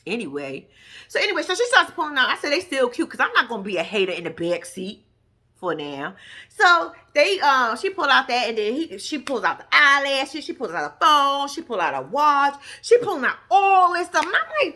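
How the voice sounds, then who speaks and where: A woman's voice: a little high, fairly quick. A woman telling a story in a casual, profane vlog, acting out what everyone said in her own voice. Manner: animated, profane, acts out others' lines. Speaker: storyteller recounting a reality-show shoot.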